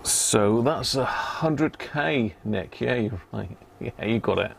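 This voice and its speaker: Gravelly Devon man thinking aloud at the bench. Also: mid-range voice, animated, takes it slowly, a little hiss or hum. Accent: Devon English. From Devon, England. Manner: thinks aloud, mutters readings, chats with viewers. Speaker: radio repair livestream host. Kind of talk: casual live-stream chat while repairing.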